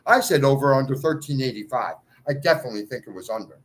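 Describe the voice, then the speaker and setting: A man delivering an impassioned, rambling monologue straight to his viewers, swinging between shouting and muttering. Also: mid-range voice, expressive, quick pace, low-quality recording. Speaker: video poster.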